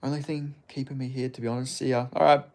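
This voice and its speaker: Gravelly Australian man bantering with chat. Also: medium pitch, flat delivery, fast talker, a little mellow. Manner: blunt, profane, laid-back banter. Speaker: streamer reading chat. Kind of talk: casual livestream chat.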